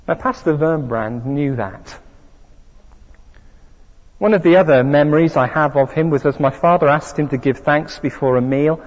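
Slow, husky preacher. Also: male voice, fairly high pitch, a little mellow. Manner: emphatic, rhetorical questions. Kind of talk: sermon. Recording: dull recording, long hall reverb.

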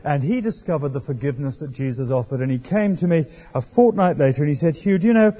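A man's voice: on the high side, expressive, fast, mellow, husky. A man preaching a sermon, telling the story in a wry, conversational way. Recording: dull lo-fi recording in echoey hall.

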